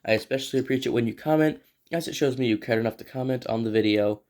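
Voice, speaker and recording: A man reviews a toy in a casual vlog, rambling and unscripted as he thinks aloud while handling it. His mid-range voice is fast and a little mellow, and he clears his throat often.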